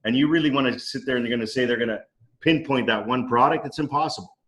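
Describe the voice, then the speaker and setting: A company co-founder tells a story over a video call from his dining room, enthusiastically acting out quoted dialogue. He talks fast in a mid-range, somewhat bright voice, and the call microphone gives a rough sound.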